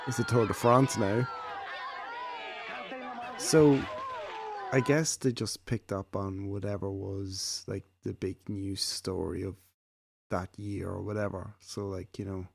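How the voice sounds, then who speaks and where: A man's voice: low voice, steady tone, slow pace, creaky, crowd noise, background noise. Chatty man reacting to old ads. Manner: chatty, laughing along. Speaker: reaction video host. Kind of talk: casual reaction commentary.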